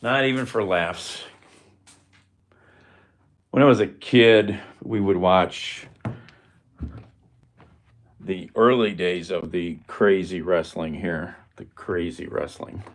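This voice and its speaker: A man's voice: deep voice, takes it slowly, pauses often. A man in his sixties chatting casually and a bit rambling to the camera, recorded on a phone at home. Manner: relaxed, rambling, chuckling sign-offs. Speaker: vlogger.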